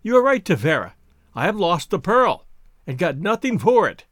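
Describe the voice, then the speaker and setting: A man's voice: sits high, very animated, moderate pace, fairly bright tone, dry recording, clean studio sound, full character voice. A man voicing a fearful husband who speaks in faltering tones in a storybook reading. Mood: weary. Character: timid, scheming island husband.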